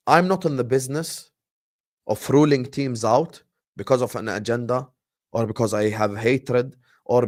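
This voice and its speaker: A young man hosting a casual football livestream, animated and teasing, swinging between loud bursts and hushed asides. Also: medium pitch, dry recording, clean studio sound. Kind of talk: casual fan livestream rant.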